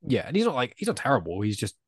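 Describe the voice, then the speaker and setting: A man's voice: mid-range voice, wildly swooping pitch, racing, slightly rough, no room sound, clean studio sound. An English man with a chatty, rambling way of talking, a guest on a casual podcast. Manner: chatty, rambling, self-correcting.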